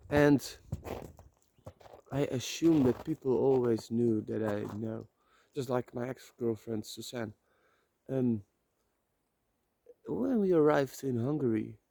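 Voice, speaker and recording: In a dry recording, a mellow mid-range male voice with vocal fry delivers an emotional motivational monologue. The speaker is a vlogger from the Netherlands who walks a slippery outdoor path talking into his phone, rambling heartfeltly and swearing casually.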